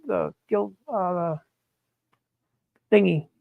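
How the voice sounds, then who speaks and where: A blunt, exasperated man hosts a casual live mushroom chat, his voice pitched high and heavily gravelly with fry. He swears freely as he demonstrates, recorded dry and close with no room sound. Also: slow, dry recording, phone-quality sound. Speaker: host of a live mushroom-growing stream.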